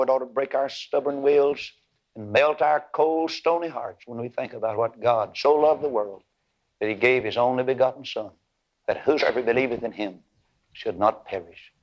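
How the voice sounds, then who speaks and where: A man's voice: medium pitch, a little mellow, lo-fi sound. A middle-aged man, preaching a sermon as folksy storytelling that swells into fervent, chanted passages.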